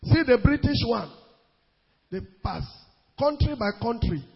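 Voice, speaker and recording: A male preacher with a very high, husky voice. He preaches emphatically, draws out scripture quotes, and builds into shouts. The recording is dull and lo-fi, with a long hall reverb trailing each phrase. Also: animated, unhurried. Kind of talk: sermon.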